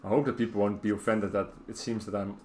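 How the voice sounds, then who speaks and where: Chatty Dutch man, lowish voice. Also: little pitch movement, fast talker, a little mellow, slight background noise. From Netherlands. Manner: rambling, self-correcting, chatty asides. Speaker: streamer. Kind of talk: casual gameplay commentary.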